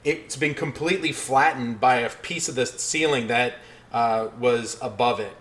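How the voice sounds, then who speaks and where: A man narrating a tabletop game as game master, hesitant with many pauses and restarts. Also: medium pitch, a bit bright.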